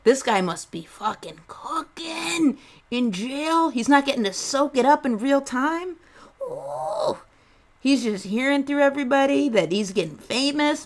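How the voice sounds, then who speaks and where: A woman in her thirties hosting a solo comedy podcast, riffing crudely and rambling from one tangent to the next. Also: high voice.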